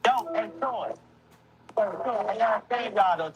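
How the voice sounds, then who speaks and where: A woman talking loudly and brashly on a speakerphone call, dropping curses as she goes. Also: medium pitch, unhurried. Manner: loud, brash, profane. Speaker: caller on speakerphone. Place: busy nightlife venue. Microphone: phone on speaker. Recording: phone call with crowd behind. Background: crowd noise.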